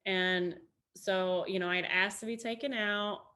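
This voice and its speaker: A woman's voice: medium pitch, steady tone, measured pace, pushed and bright. A woman Army veteran, a guest, talking in a casual, rambling way with many restarts and fillers. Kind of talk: casual conversation.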